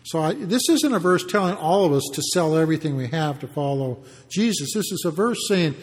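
A man preaching a sermon, explaining the passage in a conversational way with pauses and restarts. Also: on the high side, expressive, in a large hall. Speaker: pastor.

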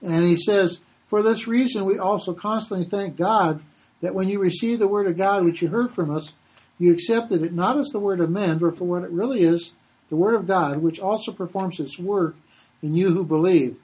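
A man teaching a sermon verse by verse in a relaxed, conversational way, with lots of fillers, reading scripture aloud and pressing on key words. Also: high voice, normal speed, breathy edge, poor audio. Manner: conversational Bible teaching, many fillers, reads verses aloud with rising emphasis. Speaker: pastor.

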